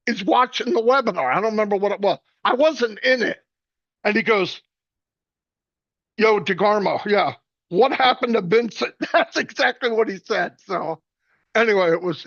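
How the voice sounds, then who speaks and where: High-pitched guy rambling funny stories about friends, dry dull sound. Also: fairly bright tone, no echo. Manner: rambling, joking, quick restarts. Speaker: speaker at a celebration. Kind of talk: casual storytelling tribute.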